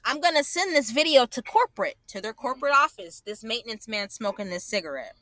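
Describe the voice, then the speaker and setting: A woman's voice: on the high side, sing-song, brisk, bright, forceful tone, no echo. A woman vlogger angrily commenting over her own clips, profane and repeating herself for emphasis. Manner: indignant, profane, repeats phrases.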